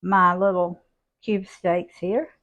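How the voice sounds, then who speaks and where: An older woman, showing a home cooking recipe in a folksy, unhurried way from her kitchen. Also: lowish voice, steady tone, fairly bright tone, muffled recording. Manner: folksy, unhurried, homey talk. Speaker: cooking channel host.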